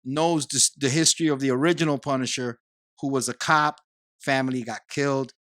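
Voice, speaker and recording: A man from Puerto Rico, a guest on a podcast, tells a long personal story in casual conversation, animated and repeating himself. His mid-range voice is brisk, and the studio-quality audio has no echo.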